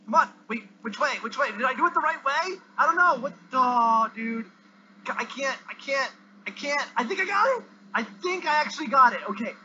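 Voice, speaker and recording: A high-pitched male gamer with a bright, sharp voice commenting on his play. He is excitable, yelping and groaning as things go wrong. The recording is dull and lo-fi with a faint hiss underneath. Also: moderate pace. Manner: excitable, yelps and groans at the game.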